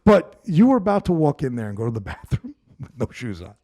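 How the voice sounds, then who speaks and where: A man's voice: medium pitch, fairly quick. A man from Brooklyn hosting a casual comedy podcast, talking in a loose, swearing, restart-heavy way. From Brooklyn, New York. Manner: animated, swears freely, frequent restarts. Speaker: podcast host.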